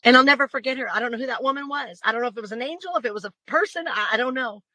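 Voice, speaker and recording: A woman's voice: fairly high pitch, rapid-fire, bright, forceful tone, dry recording, low-quality recording. A woman as an interview guest telling a personal story in an earnest, emphatic way.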